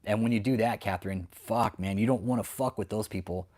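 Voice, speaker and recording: A man's voice: lowish voice, fairly quick, darkish tone. Profane, angry American man ranting. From United States. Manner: profane, confrontational, repetitive. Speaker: host of a channel exposing cult leaders. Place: home, with dogs barking nearby.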